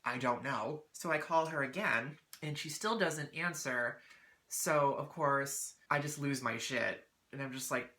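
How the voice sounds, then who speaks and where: Female vlogger, low pitch, crisp bright tone, dramatic and self-mocking. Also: unhurried. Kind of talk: storytelling vlog.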